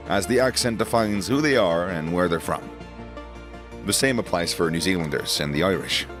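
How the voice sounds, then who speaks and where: Man, very low voice, relaxed explainer narration, faint music underneath. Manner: conversational, with small asides and chuckles. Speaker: narrator of an educational video.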